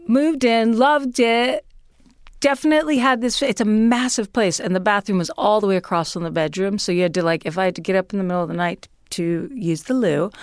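A woman's voice: mid-range voice, smooth, no room sound, clean studio sound. A woman guest casually telling a personal story, chatty and full of "like" and "you know".

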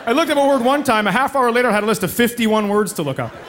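A middle-aged man performing a stand-up comedy set, animated and acting out the voices he quotes. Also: very high-pitched, racing, a little hiss or hum. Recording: comedy club with loud laughing crowd. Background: crowd laughter and applause.

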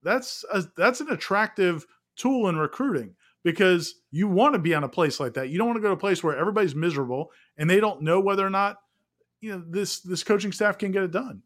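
A man co-hosting sports talk radio, explaining his points in a measured, conversational way. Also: high voice, expressive, fairly bright tone. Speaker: sports radio co-host and writer.

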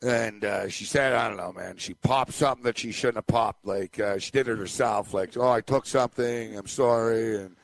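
A man's voice: fairly low pitch, moderate pace, few pauses, no room sound. Man rambling through a story, dry studio sound. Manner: rambling, animated anecdote telling with laughs. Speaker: podcast co-host. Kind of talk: casual storytelling chat.

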